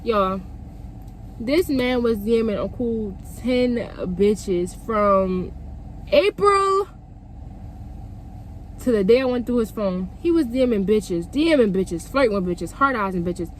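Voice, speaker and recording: A young woman vlogger telling a story in a lively, emphatic, profane way. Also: medium pitch, a little slow, a little hiss or hum. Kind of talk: storytime vlog.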